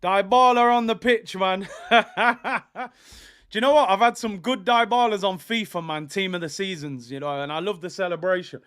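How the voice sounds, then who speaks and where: A young man hosting a live football watch-along, talking in casual slang and shouting excitedly at chances. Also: high-pitched, moderate pace, clear, resonant tone.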